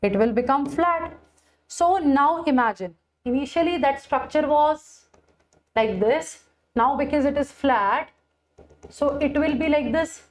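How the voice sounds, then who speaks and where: A high-pitched woman with an Indian English accent lectures on biology. She repeats each key point, and checks in with her students often. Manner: addresses students with Hindi endearment "bache". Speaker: biology teacher. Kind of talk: online exam-prep lecture.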